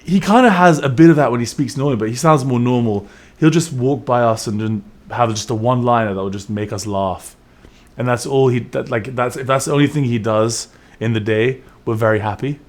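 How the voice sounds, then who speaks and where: A man, a band's bassist, giving easygoing, measured interview answers. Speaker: band bassist.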